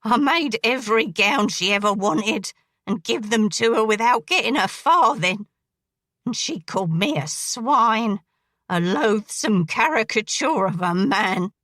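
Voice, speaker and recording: A woman voicing a menacing crippled male dressmaker who killed women, speaking slowly in a coarse dialect. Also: fairly high pitch, expressive, a bit bright, no room sound, studio quality. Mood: brooding confession. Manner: slow, brooding, coarse dialect.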